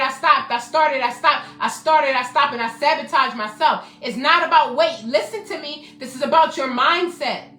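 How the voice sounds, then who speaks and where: A woman's voice: high voice, fairly bright tone. A woman hosting a motivational self-help talk, emphatic and repetitive, speaking directly to her viewers by name. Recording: roomy echo, faint music behind.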